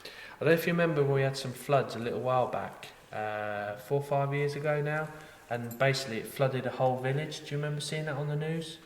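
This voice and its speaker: A man's voice: mid-range voice, fast, slight background noise. A man co-hosting a casual podcast, telling rambling stories full of fillers and restarts. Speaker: podcast co-host, tackle shop worker. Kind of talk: casual chat. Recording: echoey room with long reverb.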